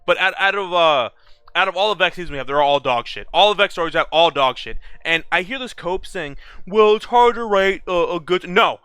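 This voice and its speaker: A man's voice: fairly high pitch, animated, a little fast, sharp tone, clear, resonant tone, no echo. A young man ranting about a game in a casual vlog, swearing often and restarting his sentences. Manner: profane, heated ranting with frequent restarts. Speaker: gaming video creator.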